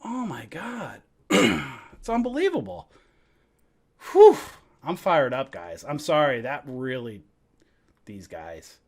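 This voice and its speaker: A man in a heated, profane rant about the markets, bursting loud and then dropping to mutters. His pitch swings widely from line to line. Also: big pitch swings, slow pace, pauses often. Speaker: stock trading educator. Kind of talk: angry livestream rant.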